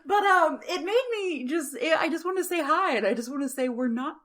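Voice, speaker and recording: A Texan woman chats with her co-host on a podcast, her voice sitting a little high. She is brash and unfiltered, swearing easily and laughing often. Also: expressive, moderate pace, a bit bright. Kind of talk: casual chat.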